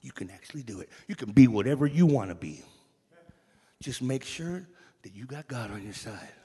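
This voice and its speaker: A man giving an animated inspirational church talk, building emphatic points to a congregation. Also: medium pitch, normal speed, husky. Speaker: church speaker. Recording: long reverb of a large hall.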